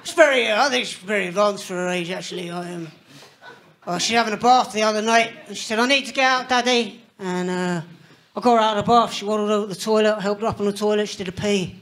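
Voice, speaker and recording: High, bright, dry comic. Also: male voice, fast talker. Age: 30s. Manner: dry, sardonic, deadpan delivery. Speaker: comedian. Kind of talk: stand-up comedy.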